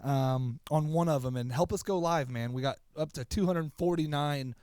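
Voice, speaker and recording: A man's voice: fairly high pitch, moderate pace, a little mellow, clean tone, dry recording, studio quality. Rambling talky podcast co-host, man. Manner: rambling, stop-start storyteller. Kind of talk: casual chat.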